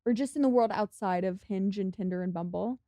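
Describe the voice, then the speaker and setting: A woman's voice: medium pitch, a little fast, mellow, no echo, clean studio sound. A woman co-hosting a podcast in casual, supportive chat. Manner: supportive, chatty. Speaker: podcast co-host.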